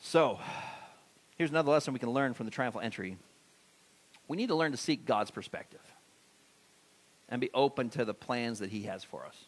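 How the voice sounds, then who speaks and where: A middle-aged pastor preaches a sermon in a church sanctuary, talking conversationally and putting questions to the congregation. His voice is medium-pitched at normal speed, with long pauses.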